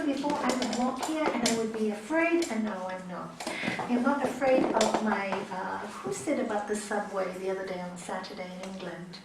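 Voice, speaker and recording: A middle-aged woman teaching a yoga class, animated and repeating her key words for emphasis. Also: on the high side, noisy background. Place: teaching room. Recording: echoey room, mic far off.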